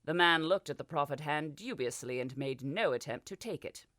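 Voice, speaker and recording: A woman's voice: deep voice, lively intonation, normal speed, a bit bright, no room sound, studio quality. A woman reading a fantasy audiobook as narrator, giving the characters small voice shifts. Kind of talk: scripted narration.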